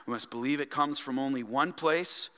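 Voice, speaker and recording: A male pastor preaching a sermon earnestly, moving from hushed whispers to fervent exhortation. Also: medium pitch, normal speed, clear, resonant tone. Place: church sanctuary. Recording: reverberant church hall.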